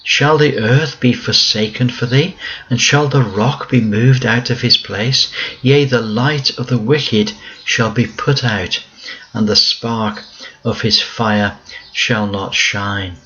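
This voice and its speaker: A man's voice: mid-range voice, steady tone, bright, forceful tone. Guy teaching a bible lesson, mid voice, reads verses then explains em, leans on key words, kinda muffled recording. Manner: reads scripture aloud, then explains it in plain conversational words; slow and emphatic, repeats key words.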